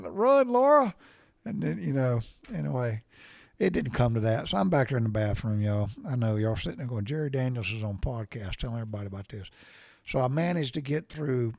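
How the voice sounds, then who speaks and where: A man's voice: medium pitch, animated, fairly quick, gravelly, dark tone, no echo, clean studio sound. A middle-aged man hosting a podcast, telling a story about himself in a casual, folksy, salty way and laughing at his own expense. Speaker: podcast host.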